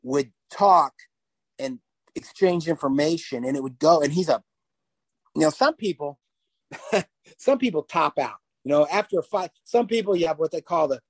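Older male podcast guest, animated rambling storyteller, slightly high voice. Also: normal speed, pauses often, breathy edge, no room sound. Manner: rambling, animated storyteller who laughs often. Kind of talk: casual interview chat.

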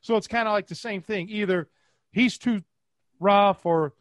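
A man's voice: high voice, unhurried, no room sound. A middle-aged man from Cleveland hosting a podcast, telling rambling stories with many restarts and fillers. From Cleveland, USA. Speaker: podcast host and catch wrestling coach. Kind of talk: casual podcast chat.

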